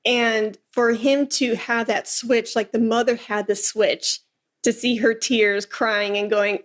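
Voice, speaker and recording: Female host, animated storyteller, acts out quotes, voice a touch high. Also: a little slow. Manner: lively storyteller who acts out quoted lines. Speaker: podcast host and flute teacher. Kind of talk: casual interview chat.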